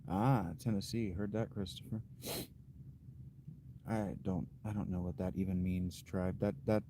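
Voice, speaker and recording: A man hosting a livestream, chatting casually with viewers' comments in an unhurried, blunt way, thinking aloud with fillers and restarts. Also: sits low, flat delivery, warm tone, slight background noise. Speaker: livestream host.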